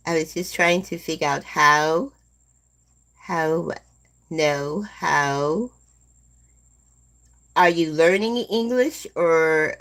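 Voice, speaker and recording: A woman in her seventies hosting a live stream, chatting slowly and gently with viewers and calling them "my dear love.". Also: low voice. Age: 70s. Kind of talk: casual chat with live viewers.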